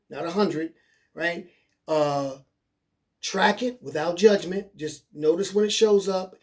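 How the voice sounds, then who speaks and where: Casual, repetitive male coach, fairly high voice. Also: darkish tone. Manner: repetitive, keeps checking in with "okay?"; casual, encouraging, plain-spoken. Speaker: life coach. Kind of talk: coaching webinar.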